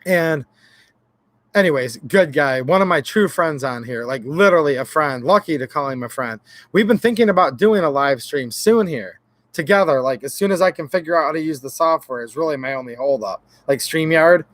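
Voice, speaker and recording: A slightly high-voiced man hosts a relaxed livestream, rambling and joking as he greets viewers from chat. The sound is dry and close, with no room echo. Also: brisk. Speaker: gun channel livestream host. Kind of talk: casual livestream chat reading chat names.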